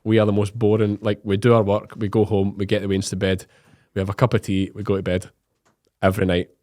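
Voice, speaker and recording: A man's voice: on the low side, flat delivery, fast talker, mellow. A man in his thirties from Scotland with an Ayrshire Scottish accent, co-hosting a casual podcast chat, joking and laughing as he acts out little bits. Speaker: podcast co-host.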